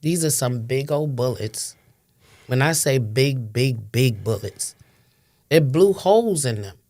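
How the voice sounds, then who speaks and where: An interview guest in her fifties from Brooklyn, with a New York accent, delivers impassioned, emphatic testimony and repeats phrases for stress. Her extremely low voice is animated and darkish in tone, and she speaks a little slowly.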